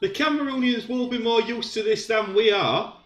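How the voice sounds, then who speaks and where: A man giving excited play-by-play commentary on a football video game, shouting when goals go in. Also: extremely high pitch, normal speed, echoey room, soft background music. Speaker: gaming commentator.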